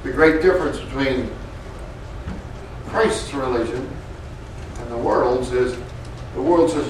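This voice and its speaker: A man preaching a sermon, slowly building to loud, high-pitched peaks and then dropping to hushed, low phrases. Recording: echoey hall, mic from far off, faint room noise.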